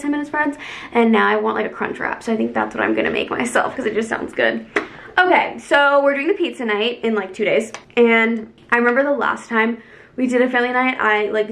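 A woman's voice: fairly high pitch, gravelly, fairly bright tone, a little hiss or hum. A young woman vlogging casually as she shops and then unpacks groceries, bubbly and chatty with lots of "like". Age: young adult. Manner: bubbly and chatty, gushing, full of "like". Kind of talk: casual vlog chat. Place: grocery store, then home.

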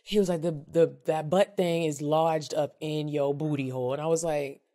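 A woman's voice: deep voice, steady tone, moderate pace, dark tone. A woman in her thirties telling a story frankly and with animation on a podcast, acting out both sides of the talk. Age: 30s. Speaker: podcast co-host. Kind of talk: casual storytelling chat.

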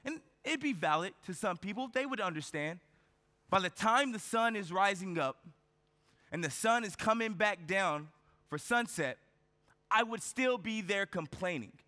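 Male keynote speaker, high bright voice, storytelling style, lots of rhetorical questions. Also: animated, measured pace. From United States. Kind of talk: motivational keynote speech. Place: large event hall on stage. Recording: reverberant conference hall.

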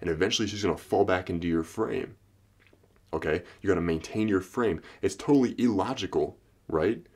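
A man's voice: low-pitched, fairly quick, darkish tone, slightly rough. A man talking straight to camera as a dating coach, blunt and profane, slipping into acted lines to make his points. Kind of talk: direct-to-camera advice talk.

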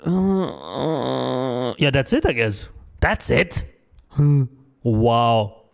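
A male streamer chatting casually as he reads donations aloud, joking and swearing freely. His voice has a medium pitch and sounds worn from an hour of talking. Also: very animated, extremely slow, gravelly. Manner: loose, joking, profane banter. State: strained, tiring voice. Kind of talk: casual live-stream chat.

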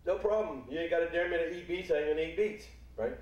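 A man's voice: fairly high pitch, quick pace, few pauses, a little mellow, distant mic. A middle-aged man preaching a sermon in a church, folksy and playful, acting out little voices as he speaks. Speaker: pastor. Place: church sanctuary. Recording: echoey church hall, speaker away from mic.

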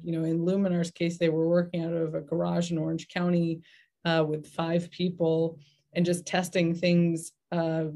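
A middle-aged woman with a somewhat low voice, speaking as a guest on an interview podcast. She talks in a thoughtful, conversational way, pausing often on ums and restarting her sentences. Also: creaky, mellow. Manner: thoughtful, many fillers and restarts. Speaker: venture investor guest.

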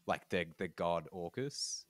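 A man co-hosting a podcast in casual chat, rambling and halting with repeated fillers. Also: low-pitched, animated, no echo. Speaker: podcast co-host.

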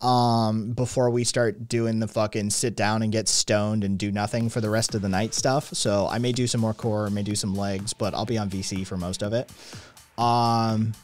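A man's voice: fairly low pitch, little pitch movement, normal speed, darkish tone. A man streaming live, chatting casually with viewers in a rambling, sarcastic way, with lots of swearing and filler words.

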